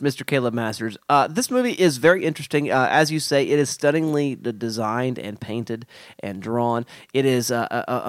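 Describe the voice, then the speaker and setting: A man from Oklahoma co-hosting a casual film analysis podcast, animated and jokey with playful asides. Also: medium pitch, no echo, studio quality. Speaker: podcast co-host.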